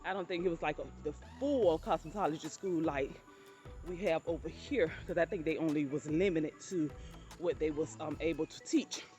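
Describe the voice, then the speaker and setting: A woman's voice: deep voice, moderate pace, mellow, soft background music. A woman, chatting to her viewers in a casual storytelling vlog and calling them honey. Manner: chatty, addresses viewers as honey and you all. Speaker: vlogger telling personal stories.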